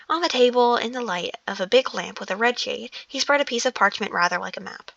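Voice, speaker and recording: A woman's voice: fairly high pitch, a little fast, vocal fry, few pauses, fairly bright tone, dry recording. A woman casually reading a storybook aloud, often stumbling, correcting herself and adding offhand asides. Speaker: audiobook reader. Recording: dull lo-fi recording.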